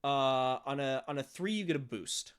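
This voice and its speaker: A man's voice: medium pitch, moderate pace, fairly bright tone, smooth. A man narrating a tabletop role-playing game as game master, explaining rules and acting out monster noises.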